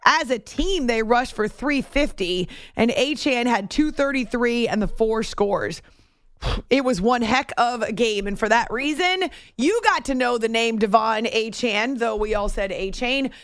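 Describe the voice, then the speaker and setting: A woman's voice: fairly high pitch, expressive, a little slow, dry recording, clean studio sound. A woman hosting a sports radio show late at night. She talks in a chatty, self-deprecating way and laughs easily. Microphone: studio microphone.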